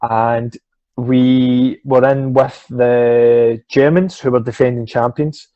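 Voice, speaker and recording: Scottish man telling a lively story. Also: mid-range voice, takes it slowly, dry recording, lo-fi sound. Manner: animated anecdotes, swears freely, acts out quoted voices. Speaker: swimming coach, guest. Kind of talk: casual storytelling interview.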